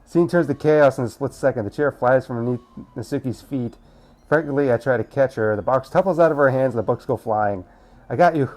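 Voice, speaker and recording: A man hosting a let's play, casually reading a visual novel's narration aloud at a quick clip. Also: medium pitch, darkish tone, a little hiss or hum.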